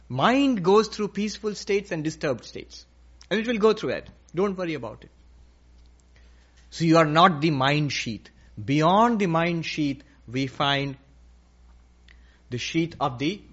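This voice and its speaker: Man giving a spiritual talk, slow and emphatic, keeps repeating key lines, slightly high voice, muffled lo-fi recording. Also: husky. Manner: slow, repetitive, emphatic teaching. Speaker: spiritual teacher. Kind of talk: philosophical lecture. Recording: dull lo-fi recording.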